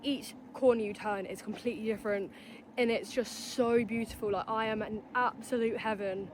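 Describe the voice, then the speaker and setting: A woman's voice: a little high, fairly even intonation, normal speed. A young woman vlogging outdoors in a desert canyon park while riding an e-bike, gushing and emotional, exclaiming over the view. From United Kingdom. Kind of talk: travel vlog. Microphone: phone held while riding an e-bike. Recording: loud outdoor noise.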